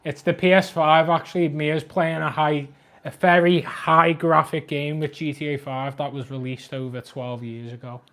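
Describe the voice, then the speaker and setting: A man in his twenties with a Scouse accent, chatting quickly and jokily on a livestream about his aquarium, reading out viewer comments. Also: fairly high pitch, fairly even intonation, fairly bright tone. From Liverpool, England. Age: 20s. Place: flat at home.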